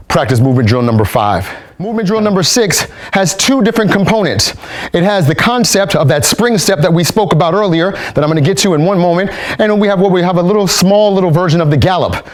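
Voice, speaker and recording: A man instructing kung fu movement drills, explaining steps calmly and barking out counts while demonstrating. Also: sits high, quick pace.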